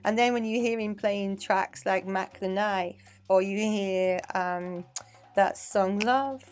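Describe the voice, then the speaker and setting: A woman's voice: medium pitch, slow pace. Chatty English woman telling stories. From England. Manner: chatty, animated anecdotes. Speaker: dance teacher and guest. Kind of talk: casual interview storytelling.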